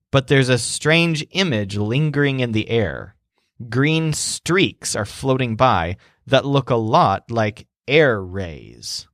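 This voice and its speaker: A man teaching a language lesson, telling a scripted mnemonic story and clearly explaining words and syllables. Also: mid-range voice, fairly bright tone, dry recording, clean studio sound.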